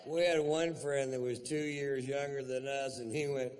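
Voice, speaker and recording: A middle-aged man doing a stand-up comedy routine on stage in a drawling, deadpan way. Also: medium pitch, moderate pace, smooth. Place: stage before a live audience.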